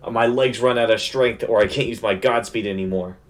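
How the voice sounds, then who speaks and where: A young male swordsman pushing past his limits, muttering low and strained, voiced by a man retelling the fight. The voice stays near an ordinary speaking tone. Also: steady tone, a little fast, natural voice. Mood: desperate. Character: desperate young male swordsman racing his own strength.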